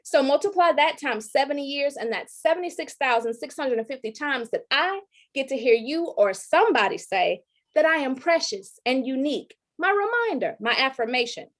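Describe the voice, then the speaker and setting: A woman in her thirties, an educator from Detroit who was raised in Georgia, gives an online training talk over a video call and recites a spoken-word poem. Her high, animated voice moves at normal speed, earnest and rhythmic.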